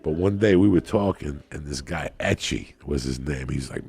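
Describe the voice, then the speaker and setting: A man's voice: extremely low pitch, normal speed, few pauses, a little mellow, husky. A man telling crude, rambling comic stories as a podcast guest. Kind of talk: profane comic storytelling.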